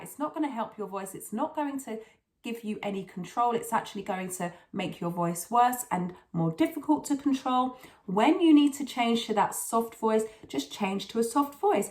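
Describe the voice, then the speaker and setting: Female vocal coach, higher voice, warm encouragement with emphatic repetition. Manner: encouraging, repeats words for emphasis. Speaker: singing teacher. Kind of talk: online vocal lesson.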